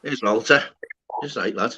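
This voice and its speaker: A man's voice: mid-range voice, normal speed, sharp tone. A man with a Liverpool accent hosting a casual online panel, swearing freely and calling everyone lad. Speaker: stream panel host. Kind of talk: casual banter. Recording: dull lo-fi sound with faint noise.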